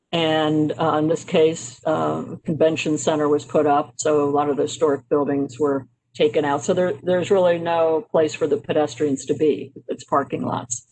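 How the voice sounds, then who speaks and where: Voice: medium pitch, little pitch movement, normal speed, rough recording. Chatty presenter from Maryland, full of fillers. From Maryland, United States. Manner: conversational, with frequent um and uh fillers and restarts. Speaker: guest presenter at a county committee meeting. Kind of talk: informal slide presentation on urban history.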